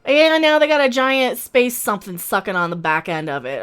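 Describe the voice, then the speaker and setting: A woman's voice: fairly high pitch, big pitch swings, moderate pace, hardly any pauses, fairly bright tone, smooth. A woman hosting a live reaction stream, giving sarcastic, ranting commentary and swearing often. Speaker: reaction video host.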